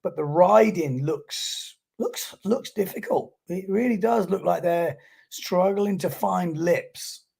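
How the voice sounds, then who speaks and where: Gravelly, husky male sports commentator. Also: high voice, slow pace, a little mellow. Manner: chatty, reads out viewer comments. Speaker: live stream commentator. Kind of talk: live windsurfing commentary.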